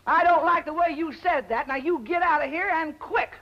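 A woman's voice: high voice, normal speed, lightly acted. An actress playing a tough gun-slinging frontier barber woman with brash, folksy talk, from a muffled old TV soundtrack. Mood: feisty. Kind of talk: 1950s TV western acting.

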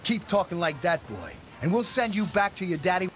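A man's voice: high voice, sing-song, fairly quick, faint music behind. An actor playing a young male gang bully in a video game, taunting and threatening with a sneer. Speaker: game character.

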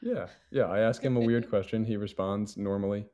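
A man with a lowish voice talks as a podcast guest from a band. He is relaxed and a little hesitant, filling pauses with ums as he thinks aloud. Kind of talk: casual chat.

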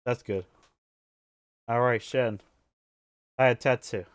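A man's voice: mid-range voice, fairly even intonation, slow pace, dry recording. A male tabletop player talking casually in a middle register. He rambles eagerly through his theories. The recording is close and dry.

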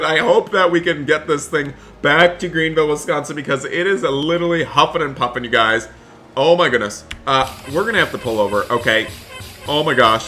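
A man's voice: mid-range voice, a little fast, bright, forceful tone, soft background music. A man hosting a gameplay video, role-playing a bus driver who exclaims about the breakdown and sternly scolds his passengers. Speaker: gaming channel host role-playing a school bus driver. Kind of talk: role-play gameplay commentary.

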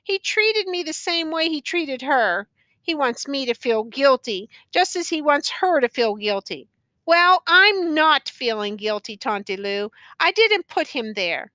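A woman's voice: high voice, lively intonation, measured pace, bright, forceful tone, no room sound, pitched above the performer's own voice, exaggerated voice. A woman reading an audiobook, voicing a frustrated young male teacher who protests in an exasperated way.

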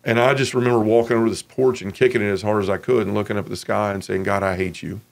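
A man's voice: fairly low pitch, flat delivery, racing, vocal fry. A man in his forties from Memphis, giving a frank, casual personal testimony as an interview guest.

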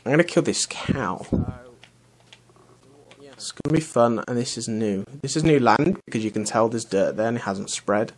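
A man's voice: medium pitch, moderate pace. A young man, casually rambling and swearing as he commentates his own gameplay. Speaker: let's play host.

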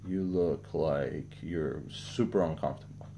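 A man's voice: unhurried, long pauses, slight background noise. A man vlogging casually, thinking aloud and chatting about his day and his dogs. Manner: talks softly to his pets in a higher baby voice. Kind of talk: casual vlog.

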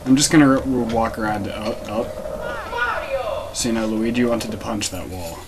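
A man's voice: lowish voice, fairly quick. A young man hosting a casual gameplay commentary, rambling and joking with many restarts. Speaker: let's play host. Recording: noisy home recording.

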